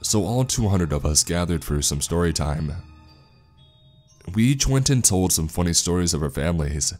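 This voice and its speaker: A man reading a scripted horror story in a steady, grave manner. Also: deep voice, moderate pace, faint music behind. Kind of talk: scripted narration.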